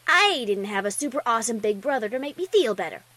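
Woman doing a soft-spoken big brother colt. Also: lively intonation, fast, dry recording. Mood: soothing. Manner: low, soft and reassuring. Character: gentle teasing older brother colt.

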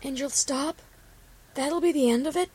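A woman voicing an anxious young female pony who pleads with her friend in a high, raised voice, read from a storybook. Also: normal speed, a little mellow, lightly acted. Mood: worried.

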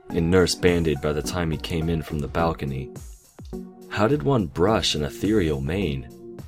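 A man narrating a fan fiction story, reading in a slow, measured way with small slips. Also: sits low.

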